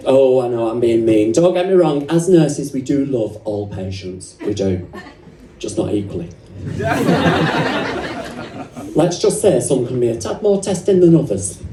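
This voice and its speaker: A woman's voice: deep voice, mellow, a little hiss or hum. A woman playing a bawdy cheeky nurse on stage. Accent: English. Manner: bawdy, teasing the audience. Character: brassy cheeky female nurse character. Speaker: stand-up comedian. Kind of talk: live stand-up comedy. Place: comedy club stage. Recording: roomy live venue from far off, crowd laughter.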